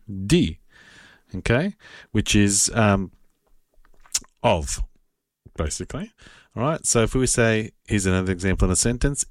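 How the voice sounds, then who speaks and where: A man giving a patient, casual spoken lesson, repeating words slowly and spelling them out. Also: mid-range voice, no echo, clean studio sound. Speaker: Italian language teacher.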